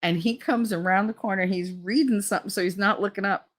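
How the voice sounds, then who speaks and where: A woman telling a gossipy story in a casual vlog, swearing freely and mimicking other people's voices. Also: a little fast. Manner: gossipy, profane, mimics others with big pitch jumps. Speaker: vlogger.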